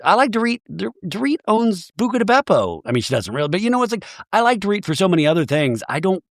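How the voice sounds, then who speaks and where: A man's voice: high voice, big pitch swings, fast, no echo, studio quality. A man hosting a comedic TV recap podcast, rambling and gossipy with lots of restarts. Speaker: podcast host.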